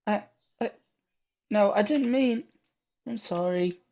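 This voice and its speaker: A meek young woman traveler, voiced by a man in a raised voice, speaks in halting, stammering phrases. She sounds unsure of herself as the visual novel is read aloud. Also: high voice, darkish tone, pitched above the performer's own voice. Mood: timid. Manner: hesitant, stammering.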